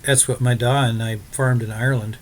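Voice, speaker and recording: A polite, earnest young Irish immigrant asks after work in an audiobook, as a male narrator voices him. His voice sits in a middle pitch with faint noise behind it. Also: steady tone, a little fast, lightly acted, poor audio.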